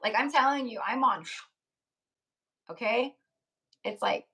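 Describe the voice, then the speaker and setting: Chatty woman with a hoarse voice. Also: fairly high pitch, a little slow, pushed and bright. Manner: chatty, reads out chat names, frequent "like" and laughs. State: voice going hoarse. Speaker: tarot reader hosting a live stream. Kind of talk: casual live-stream chat.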